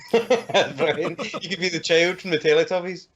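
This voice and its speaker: In a high-pitched voice at normal speed, a man co-hosts a relaxed podcast chat over an online call, rambling and joking with plenty of laughter. There's a noisy background, and his home computer mic makes the call audio muffled and lo-fi.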